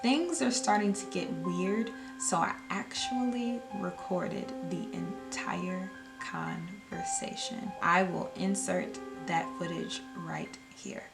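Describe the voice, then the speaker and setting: A woman's voice: on the low side, big pitch swings, slow, creaky, few pauses, loud music behind the voice. A young woman vlogger animatedly telling a spooky storytime in a chatty, casual way. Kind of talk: storytime vlog.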